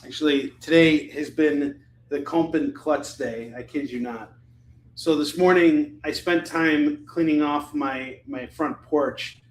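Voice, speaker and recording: A man's voice: fairly high pitch, steady tone, takes it slowly, echoey room, a little hiss or hum, poor audio. A man hosting a live comic book sales stream, chatting casually in a rambling, jokey way.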